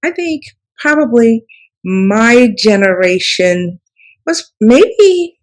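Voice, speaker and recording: A woman's voice: a little high, big pitch swings, slow pace, low-quality recording. A woman, reminiscing in a rambling interview style full of "you know" and restarts. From South Carolina Sea Islands. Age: 70s. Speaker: author and storyteller guest.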